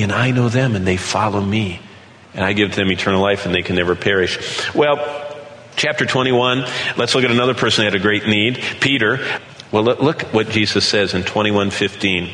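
A man preaching an earnest sermon, slowing down to read scripture aloud. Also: lowish voice, fairly bright tone. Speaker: pastor. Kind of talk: sermon teaching. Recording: echoey hall with light background noise.

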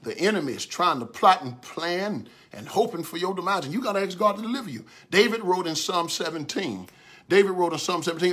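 A man preaching a livestreamed sermon, swinging from calm talk to shouted repeated prayers. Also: sits high, a little fast, husky. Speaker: pastor.

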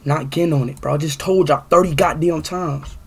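A young man livestreaming, ranting loudly with heavy swearing and repeating himself over and over. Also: on the high side, steady tone, a little fast, gravelly, husky. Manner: loud, profane, repetitive ranting. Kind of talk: angry livestream rant.

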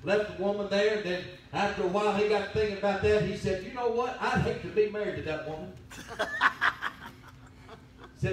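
A preacher with a notably high voice delivers a folksy, story-driven sermon. He is heard from a distance in a very echoey church sanctuary, with faint room noise behind him. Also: fairly even intonation, brisk. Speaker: pastor.

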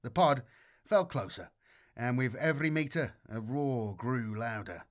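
A man giving a measured, scripted audiobook narration of a war story. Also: medium pitch, lively intonation.

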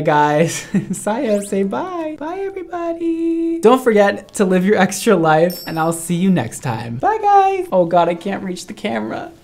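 A young man hosting a hair-styling vlog, chatting casually and gushing, with sudden high squeals of delight. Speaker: hairstylist and video host.

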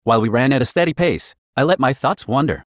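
A man reading a first-person fan fiction story aloud in an even, flat manner. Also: medium pitch, quick pace, no echo, studio quality. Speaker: narrator.

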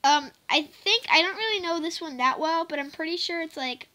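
A woman's voice: extremely high pitch, animated, fairly quick, pushed and bright. A female vlogger chatting casually to the camera, giggly and apologetic, rambling with lots of fillers. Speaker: vlogger teaching softball cheers.

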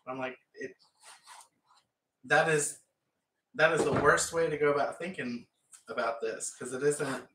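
Measured and fairly even in intonation, this mid-range male voice pauses often against a noisy background. The speaker, a painting vlogger, rambles casually as he paints and laughs frequently, and the echoey room and far-off mic add to the sound.

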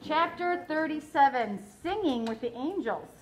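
A woman teacher reading a novel aloud to her class in a classroom, in a steady, clear storytelling way. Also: high-pitched, measured pace, slight background noise, low-quality recording.

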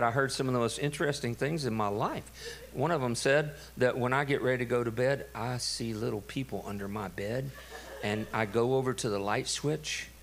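A middle-aged man, a pastor telling a story in a sermon, animated and laughing. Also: fairly high pitch. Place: church.

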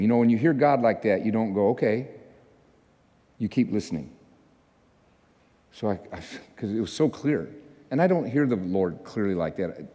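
A man pastor telling a story in a sermon, animated and self-mocking, acting out the people in it. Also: lowish voice. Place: church sanctuary. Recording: long church hall reverb.

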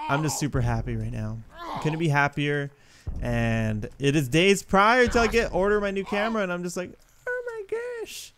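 A young man giving casual, rambling gameplay commentary, excitable and breaking into yelps and shrieks when a level goes wrong. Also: fairly high pitch, background noise. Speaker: gaming YouTuber.

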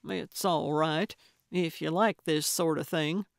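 A woman's voice: low voice, fairly even intonation, slow, creaky, no echo, studio quality, exaggerated voice. Woman doing a snippy, jealous old lady. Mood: grudging. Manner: curt, snippy, grudging. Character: older woman using a walker, prickly and jealous. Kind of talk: audiobook character voice.

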